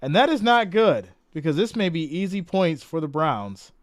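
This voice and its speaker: A fairly high-pitched man with big swings in pitch talks at a normal speed on a live stream, giving casual play-by-play. He's chatty, reading viewer comments out loud and greeting each person. The recording is dry and of studio quality.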